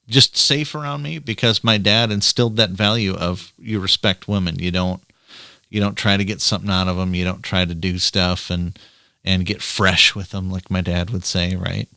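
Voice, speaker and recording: A man's voice: sits low, bright, forceful tone, clear, resonant tone, no echo, studio quality. A man hosting a podcast, a chatty storyteller talking casually about fatherhood. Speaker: podcast host, father of three girls. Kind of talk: casual chat.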